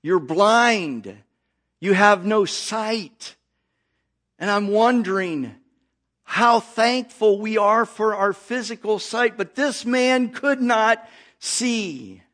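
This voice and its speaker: A man preaching a sermon, reading scripture and calling out to the congregation with slow emphasis. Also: sits high, a bit bright.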